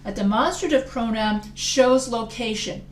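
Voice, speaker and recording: A woman's voice: fairly high pitch, measured pace, roomy sound, slight background noise. A woman instructor giving a chatty, playful grammar lecture in a classroom, asking students questions as she goes. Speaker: writing instructor.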